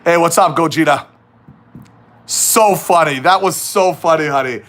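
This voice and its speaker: A man's voice: a little high, a little slow, fairly bright tone. A man hosting a casual livestream chat, reading viewer questions aloud and teasing his guest. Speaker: livestream host.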